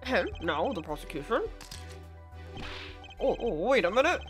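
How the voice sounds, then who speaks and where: Girl putting on a doddery old judge guy, halting, pitch swings around a lot. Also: very animated, music in the background, lightly acted. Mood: ponderous. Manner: halting, hesitant. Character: elderly male courtroom judge, fussy and easily swayed. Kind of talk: reading game dialogue aloud.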